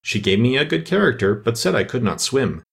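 A man's voice: medium pitch, very animated, brisk, vocal fry, slightly rough, heavily acted. A man voicing a timid rabbit courtier in a storybook reading, reciting verses carefully.

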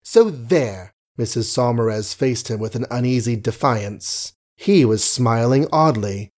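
A man narrating an audiobook of an old novel in a measured, even storytelling manner. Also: mid-range voice. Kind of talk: audiobook reading.

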